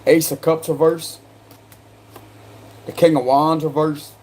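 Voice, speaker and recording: A man with a South Carolina accent works through a tarot spread in loose, slangy talk. His voice sits fairly high for a man, and he breaks into laughter between cards. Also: level tone, takes it slowly, darkish tone. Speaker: tarot reader. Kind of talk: casual spoken tarot reading.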